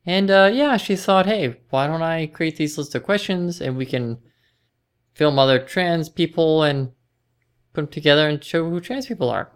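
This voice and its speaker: A woman's voice: deep voice, moderate pace, smooth. A woman in her thirties being interviewed in casual chat, talking hesitantly with many fillers and restarts. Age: 30s.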